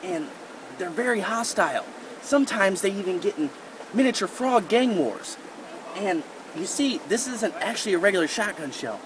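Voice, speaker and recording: A man's voice: sits high, lively intonation, normal speed. Young man, mock nature guide, rambling fake-expert delivery, recorded outdoors on a noisy camera mic. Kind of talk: goofy deadpan nature-show parody. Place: outdoors in woods and rocky creek bed. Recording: outdoor camera audio with noise.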